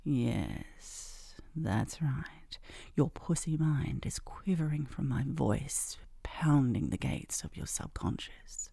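A woman in a whispered role-play, speaking in a breathy whisper with a slow, commanding, teasing manner. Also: very deep voice, lively intonation, warm tone, dry recording, clean studio sound. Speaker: hypnosis role-play performer.

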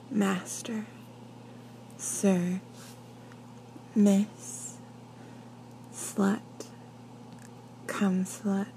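Canadian woman, hushed close-mic whisper, unhurried, mellow tone, even delivery. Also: medium pitch, a little hiss or hum, rough recording. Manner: soft unvoiced whisper, slow and deliberate. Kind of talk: whispered accent challenge word list.

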